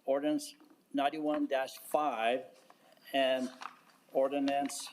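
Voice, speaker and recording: A county commissioner speaking at a public board meeting, halting and deliberate, with frequent fillers and restarts. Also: male voice, mid-range voice, level tone, a little mellow, slight background noise.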